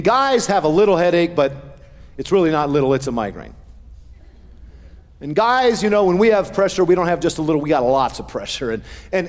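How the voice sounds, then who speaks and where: A middle-aged male pastor preaching a sermon, with animated swings in pitch and loudness. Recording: long hall reverb.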